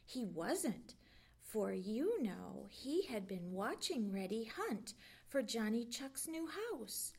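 High, lively storytelling librarian woman. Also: slow pace, creaky, breathy edge. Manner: gentle, expressive storytelling. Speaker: children's librarian. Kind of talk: storybook read-aloud.

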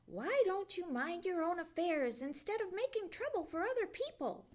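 A woman's voice: very high voice, sing-song, moderate pace, voice pushed up. A woman playing a snarling cross fox. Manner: snappish, irritable.

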